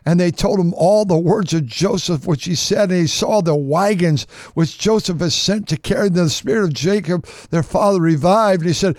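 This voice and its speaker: Emphatic preacher man with a high voice. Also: moderate pace, few pauses, dry recording, clean studio sound. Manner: emphatic, repeating words and phrases; swings from loud outbursts to hushed tones. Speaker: pastor. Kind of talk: sermon reading scripture.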